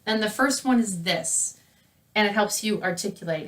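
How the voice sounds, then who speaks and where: Lively woman teaching, slightly distant mic. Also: medium pitch, moderate pace. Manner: lively conversational delivery, voice rising and falling. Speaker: public speaking teacher. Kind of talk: presenting a recorded lesson to camera.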